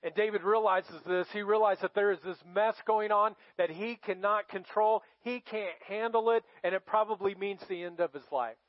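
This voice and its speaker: Male pastor, sermon, high voice, dramatic storytelling, dry dull recording. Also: fairly even intonation, normal speed, hardly any pauses, dry recording. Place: church.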